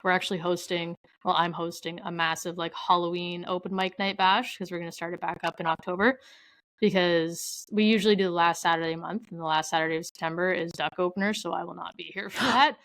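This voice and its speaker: Fast and steady, a young Canadian woman's fairly low, slightly bright voice carries rambling podcast-guest stories stuffed with "like" and quoted remarks. There's no room sound, though the recording quality is low.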